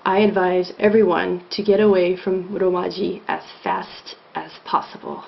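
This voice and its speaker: A woman's voice: on the low side, little pitch movement, measured pace, vocal fry, slight background noise. A woman giving a casual video lesson, explaining with many ums and restarts, recorded as a dull lo-fi home video. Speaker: language teacher.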